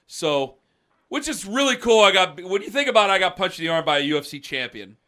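Animated storytelling man, bright voice. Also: sits high, fast talker. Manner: animated, acts out voices of people in his story. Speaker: podcast co-host. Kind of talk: casual storytelling.

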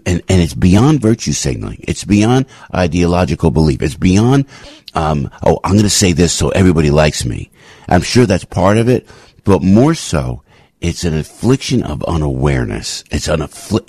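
Man, radio host, deep husky voice, heated rambling monologue, dry studio sound. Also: very animated, normal speed, warm tone, no echo. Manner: rambling, impassioned, frequent restarts and sudden pitch jumps. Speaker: radio talk show host. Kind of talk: opinionated talk radio monologue.

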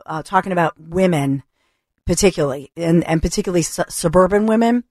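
Woman, radio host, chatty, reassuring, low-ish voice, dry studio sound. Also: fairly quick, a little mellow, no echo. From Philadelphia area. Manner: chatty, reassuring, restarts often. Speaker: radio talk show host. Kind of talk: casual talk radio monologue. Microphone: studio microphone.

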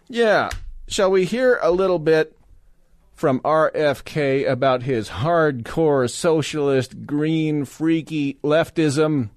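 A man's voice: medium pitch, darkish tone, no echo. Male talk radio host, sarcastic monologue, dry studio sound, plain middle voice. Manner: sarcastic, mocking, mimics voices.

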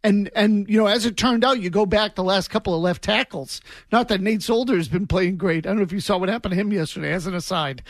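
Emphatic high-voiced radio co-host. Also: male voice, fast, hardly any pauses, dry recording, clean studio sound. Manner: emphatic, incredulous. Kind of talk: call-in sports radio chat.

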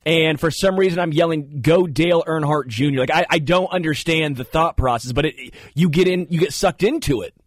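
A man in casual studio banter, spinning rambling, animated stories as the show's host. His voice sits a touch high. The sound is dry and close, with no room around it. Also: fairly quick, hardly any pauses, no echo. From Kansas City area. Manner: rambling, animated storyteller who jumps into funny voices. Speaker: radio show host.

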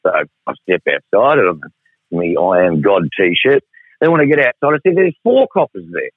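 Casting note: middle-aged Australian man, lowish voice, rambling and wry with plenty of swearing, heard over a tinny phone line. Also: very animated, moderate pace, breathy edge, dry recording. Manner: rambling, profane, wry storyteller. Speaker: radio guest. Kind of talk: casual storytelling on air.

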